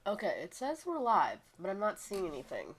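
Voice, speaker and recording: A woman streaming a video game, chatting casually in a hoarse voice from a cold, rambling with many fillers and restarts. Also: medium pitch, huge pitch swings, brisk. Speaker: gaming streamer. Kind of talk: casual livestream chat. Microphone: streaming microphone.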